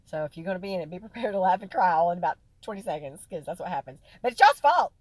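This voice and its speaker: Sharing her health journey, a woman vlogs straight to camera in a chatty, folksy way, full of fillers and "y'all," often swinging between laughter and tears. Her voice is on the low side and warm, she races along, and the recording is dry.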